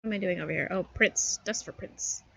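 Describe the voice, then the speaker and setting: A woman's voice: on the low side, brisk, creaky, pushed and bright, slightly rough, no room sound. A woman in her thirties streaming a game and chatting, narrating to herself as she plays. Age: 30s. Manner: chatty, talks to herself while playing. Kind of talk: live gaming commentary.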